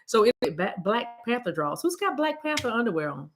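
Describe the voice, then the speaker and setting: A woman's voice: a little high, sing-song, fairly quick, a little hiss or hum. A middle-aged woman from the US East Coast, a spiritual reader chatting casually on a livestream, rambling playfully and greeting viewers by name.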